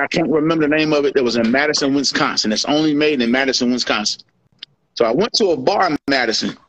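A man casually telling a drinking story on a podcast, slangy and profane, animated as he goes. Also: fairly high pitch, breathy edge, poor audio. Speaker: podcast co-host.

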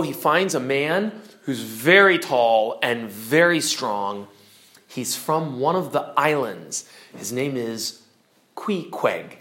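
A male teacher animatedly retelling a classic novel's story to his class, pausing to explain terms. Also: a little high, a bit bright.

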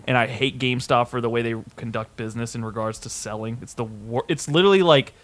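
Give me a young man on a podcast, telling an animated, profane story and acting out the other person's lines. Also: medium pitch, quick pace. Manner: animated, swearing, acts out both sides of a store argument. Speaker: podcast host. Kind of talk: casual storytelling chat.

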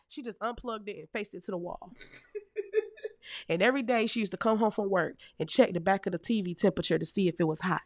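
A woman in her thirties telling comic stories to her audience in a casual, animated, heavily profane way, laughing often as a podcast host. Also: medium pitch, quick pace, no echo, clean studio sound. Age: 30s. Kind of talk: casual comedic storytelling.

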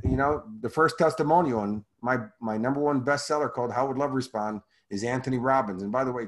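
Male guest, punchy motivational storyteller, mid-pitched voice. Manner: emphatic and motivational. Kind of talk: conversational storytelling.

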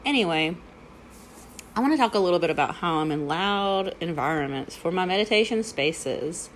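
A yoga and meditation teacher hosts her own podcast from home, chatting solo in a casual way and telling rambling stories punctuated by frequent laughter. Her voice is fairly low and animated, moving at a moderate pace, with a faint hiss or hum on the recording and a rattling heater in the background.

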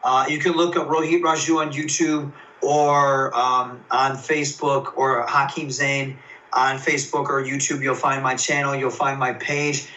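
A man, a professional wrestler, telling stories in a casual interview, excitable and rambling with lots of fillers and restarts. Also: mid-range voice, measured pace, far from the mic, muffled recording.

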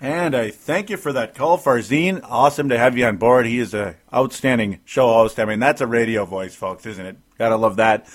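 A man's voice: mid-range voice, moderate pace, few pauses. A man hosting a sports talk show, chatting casually with listeners, rambling and laughing at his own asides.

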